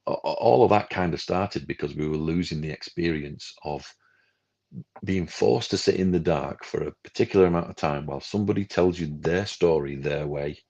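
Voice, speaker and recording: A man's voice: extremely low pitch, moderate pace, darkish tone, breathy edge. A man co-hosting a film club podcast, chatting casually and ranting animatedly, acting out the people he quotes. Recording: dull lo-fi livestream audio.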